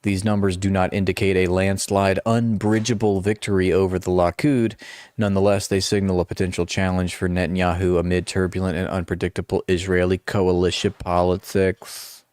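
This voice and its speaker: Sarcastic low-voiced male streamer. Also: flat delivery, fairly quick, a little mellow, clear, resonant tone, dry recording. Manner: sarcastic, mocking asides with frequent laughs. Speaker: political commentary streamer. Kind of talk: live-stream commentary, reading articles aloud.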